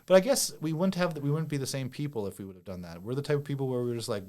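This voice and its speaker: A comedian guest talking casually on a podcast, rambling with many restarts and lots of "like". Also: male voice, medium pitch, expressive, rapid-fire, a little mellow. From Canada. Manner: rambling, heavy use of "like" and restarts.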